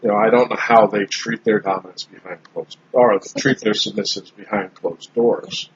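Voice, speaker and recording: A man in casual podcast chat, talking in a relaxed, rambling way with frequent restarts. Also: lowish voice, normal speed. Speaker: podcast host. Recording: slightly dull lo-fi sound with faint background noise.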